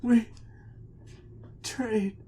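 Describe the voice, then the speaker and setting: A man voicing desperate, parched dwarf villagers who plead in frantic, high, begging cries. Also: extremely slow, gravelly, warm tone, breathy edge, heavily acted.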